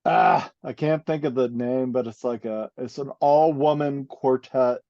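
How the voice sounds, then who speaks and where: A man's voice: mid-range voice, fairly even intonation, measured pace, dark tone, no echo. A man co-hosting a podcast, chatting casually and agreeably about sketch comedy. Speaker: podcast co-host. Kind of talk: casual chat. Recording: dry, dull lo-fi mic.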